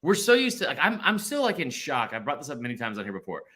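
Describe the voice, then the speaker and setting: Guy in his 30s hosting a sports podcast, super bright voice, rambly and joking. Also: medium pitch, quick pace. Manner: rambling, self-deprecating, animated. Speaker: podcast host. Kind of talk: casual sports chat.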